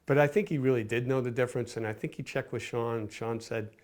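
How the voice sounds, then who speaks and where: A man's voice: medium pitch, fairly even intonation, fast talker, a little mellow. An older man, a film director, recalling his career in a rambling interview with many restarts. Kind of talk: casual interview recollection.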